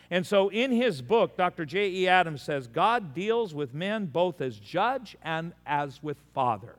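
A man preaching a sermon as pastor, telling a story in an animated way and acting out the dialogue. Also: sits high, a little slow, few pauses. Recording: long hall reverb.

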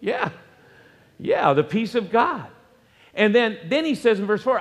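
A man preaching a sermon as pastor, emphatic, with wide swings between loud, raised phrases and low, quiet ones. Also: lively intonation, normal speed. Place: church sanctuary. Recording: long hall reverb.

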